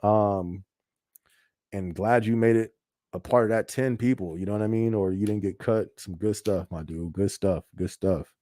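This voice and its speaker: A man's voice: lowish voice, moderate pace, dry recording, clean studio sound. Upbeat man hosting a livestream chat. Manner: animated, laughing often, slangy and encouraging. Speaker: livestream podcast host. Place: home studio office.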